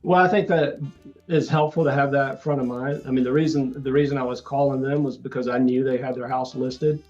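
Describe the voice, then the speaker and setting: A man's voice: medium pitch, fairly even intonation, a little fast, a little mellow, dull audio, soft background music. A man from Georgia calling in to a show, telling about his client calls in an easygoing, plain way. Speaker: caller, loan officer. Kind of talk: casual call-in chat.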